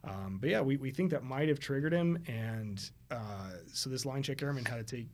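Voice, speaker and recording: A man's voice: mid-range voice, normal speed. A man, a guest airline pilot, chatting casually on a podcast and telling stories at length with many fillers.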